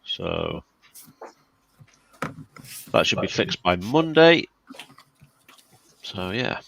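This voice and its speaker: Deep gravelly man on a dull mic. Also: sing-song, extremely slow, background noise. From United Kingdom. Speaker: co-host. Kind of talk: casual chat on a livestream. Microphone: computer mic.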